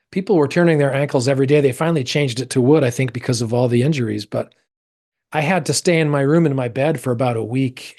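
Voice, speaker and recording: A middle-aged American man, an actor, telling a personal story as a podcast guest, animated and acting out quoted voices. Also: creaky. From United States. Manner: animated, acts out quoted voices with big pitch jumps.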